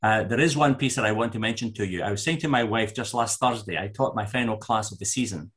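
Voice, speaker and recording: An older man with a Scottish accent giving an enthusiastic, halting lecture to a parish group as a guest speaker. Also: lowish voice, a bit bright. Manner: enthusiastic, halting with fillers and restarts.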